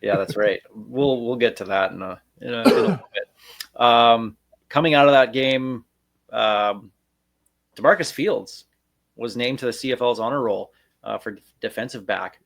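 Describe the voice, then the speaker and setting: A man hosting a podcast and steering a casual football chat. He speaks in a measured way and drops dry one-word replies. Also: medium pitch, gravelly.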